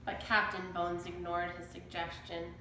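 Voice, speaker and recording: A woman reading a children's chapter book aloud in a slow, deliberate storytelling manner. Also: lowish voice, flat delivery, bright, forceful tone, echoey room, slight background noise, low-quality recording. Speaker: storybook reader.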